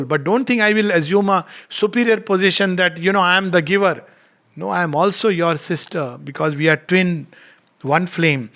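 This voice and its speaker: A man with an Indian English accent giving a spiritual talk, reciting poetry slowly and explaining it with rhetorical questions. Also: sits high, fairly bright tone. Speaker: spiritual lecturer.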